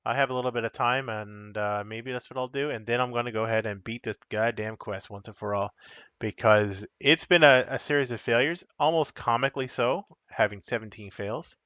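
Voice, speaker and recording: A man's voice: medium pitch, brisk, fairly bright tone, clear, resonant tone, no room sound, dull audio. Rambling man streaming a card game. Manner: rambling, self-correcting, chatty with viewers. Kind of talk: casual live-stream chat.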